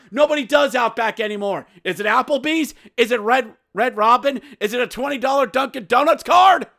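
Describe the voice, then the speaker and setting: A man hosting a hockey podcast, recapping a game with excitable, mock-outraged play-by-play and shouting at the big moments. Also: medium pitch, no room sound, clean studio sound. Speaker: podcast host.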